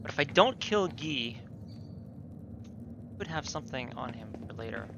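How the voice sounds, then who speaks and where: A man giving sweary, animated gameplay commentary with laughing asides. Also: medium pitch, a little slow, creaky, noisy background. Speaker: let's play streamer.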